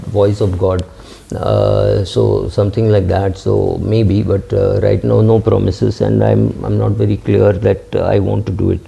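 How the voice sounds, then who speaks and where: A middle-aged man who hosts a finance channel reads and answers viewer comments casually and hesitantly, full of fillers and restarts. His voice is lowish, creaky and dark-toned, and the recording has a dull lo-fi sound.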